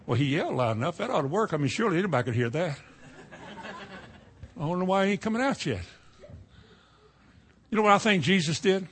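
A middle-aged man preaching a sermon in a folksy storytelling way, dropping to a hush and then rising to loud cries. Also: on the high side, lively intonation, quick pace, breathy edge.

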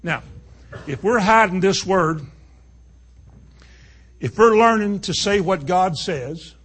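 Husky-voiced man preaching a sermon. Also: high voice, slow pace, a bit bright. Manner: emphatic, rhetorical questions to the congregation.

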